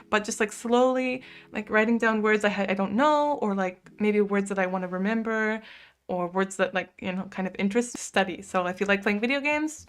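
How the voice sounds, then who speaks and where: A woman's voice: medium pitch, fairly bright tone. Chatty young American woman streamer. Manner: chatty, fills speech with "like", laughs often. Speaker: live streamer. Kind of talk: casual chat, reading out viewer comments. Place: home streaming room.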